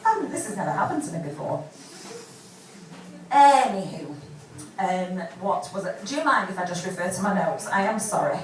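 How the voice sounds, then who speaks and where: A woman's voice: mid-range voice, lively intonation, normal speed. Chatty woman on stage. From England. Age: 40s. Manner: chatty, self-deprecating, swears freely, loses her thread. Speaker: stand-up comedian. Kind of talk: stand-up comedy set. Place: pub comedy gig with live audience. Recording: roomy distant live recording with background noise.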